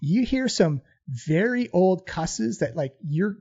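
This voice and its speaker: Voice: medium pitch, expressive, slow, warm tone, slightly rough, muffled recording. A game master narrating a tabletop game in a loose style, full of fillers.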